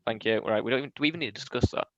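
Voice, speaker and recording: A man's voice: medium pitch, very fast, a bit bright, no room sound. A young man, co-hosting a podcast in casual, rambling banter and swearing freely. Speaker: podcast co-host. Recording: dull lo-fi podcast mic.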